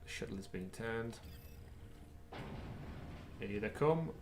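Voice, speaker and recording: A man's voice: lowish voice, expressive, slow, noisy background. A man co-hosting a livestream, chatting casually and calling out the action as he plays a shooter game. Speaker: livestream co-host. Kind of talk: casual gameplay commentary.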